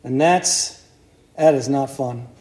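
A man's voice: mid-range voice, slow pace, darkish tone, roomy sound. A man preaching a sermon to a congregation in a conversational way, putting questions to his listeners. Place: church.

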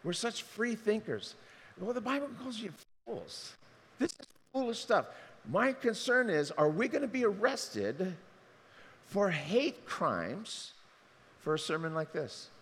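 A man preaching a sermon, animated and acting out the voices he quotes. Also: sits high, unhurried, in a large hall, a little hiss or hum. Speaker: pastor.

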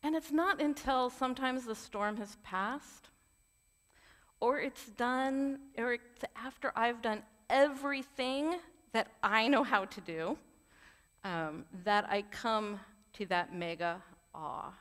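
A woman preaches a sermon in an earnest, conversational manner, adding candid personal asides along the way. Her voice is slightly high, slow and somewhat bright, and a long hall reverb hangs on the recording.

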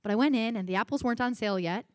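With a fairly high, slightly mellow voice, this woman races through her personal testimony in church. She's a pastor's wife telling stories in a chatty way full of fillers. The recording is dry, with clean studio sound.

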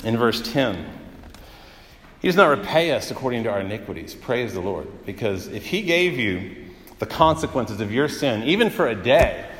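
A pastor's sermon from a man of middle pitch, delivered in a relaxed, conversational way. He fills gaps with "uh" and reaches for homely examples. His voice rings out with a long reverb, as if from a big sanctuary. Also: normal speed. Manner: conversational preaching with frequent uh fillers and vivid everyday examples.

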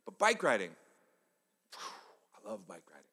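A man preaching a sermon, telling a personal story in an animated way that swings between soft and loud. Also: fairly low pitch, moderate pace, vocal fry, slightly rough. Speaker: pastor. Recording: long hall reverb.

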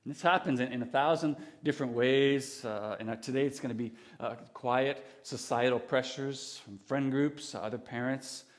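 A man preaching a sermon in an earnest, conversational way, animated and full of restarts. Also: normal speed, hardly any pauses. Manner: animated, acts out quoted voices with big pitch swings. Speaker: pastor.

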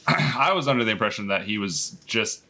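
A man with a bright, edgy tone co-hosts a casual podcast, teasing his friends. His pitch sits lowish but swings widely as he jokes. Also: lively intonation, normal speed. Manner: teasing, goofy. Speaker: podcast co-host. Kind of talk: casual chat.

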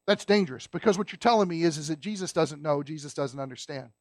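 Pastor guy preaching, folksy and punchy, goes soft n low for the big points, dry close sound. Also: fast, dry recording. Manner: folksy and emphatic, drops to quiet for weight. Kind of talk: sermon.

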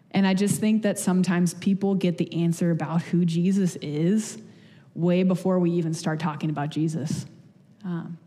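Young woman preacher, chatty and self-deprecating, mellow low tone, echoing church hall. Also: steady tone, normal speed. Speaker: speaker giving a church message. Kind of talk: casual conversational sermon. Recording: long hall reverb.

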